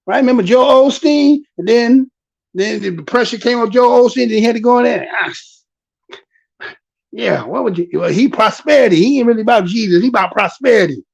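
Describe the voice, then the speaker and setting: Man, gravelly, vlog commentary, rhetorical questions, repeats himself. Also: very high-pitched, expressive, brisk, dull audio. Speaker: commentator reacting to news clips.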